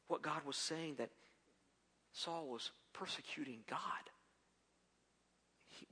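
A man preaching a sermon in a bright, forceful voice that sits a little high for a man. He moves from loud, emphatic passages down to near-whispers. He restarts phrases and repeats words as he works through his points. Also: breathy edge. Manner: dynamic delivery, swinging from loud emphasis to hushed whispers.

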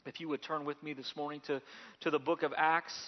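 A pastor preaching a sermon in a slightly high man's voice, often repeating words as he goes and slowing down on key phrases. The recording sounds a little dull and lo-fi. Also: level tone, in a large hall.

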